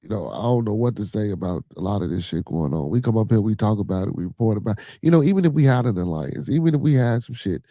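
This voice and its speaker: Low mellow-voiced Chicago man, casual. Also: lively intonation, fast talker, few pauses, no room sound. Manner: loose and streetwise, full of "you know what I'm saying" fillers and profanity. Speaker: podcast host. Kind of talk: casual podcast chat reacting to news and live comments.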